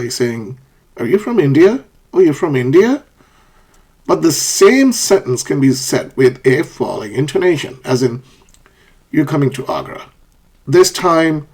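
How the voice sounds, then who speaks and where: A man's voice: medium pitch, darkish tone, husky. A man teaching an online English lesson, who checks in often with "okay?" and "right?" and models intonation by repeating example sentences.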